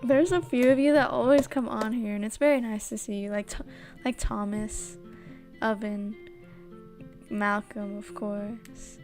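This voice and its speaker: Woman, casual stream chat, giggly, slightly high voice, faint background music. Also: fairly even intonation, a little slow. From United States. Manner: giggly, chatty, reads chat questions aloud. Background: quiet background game music.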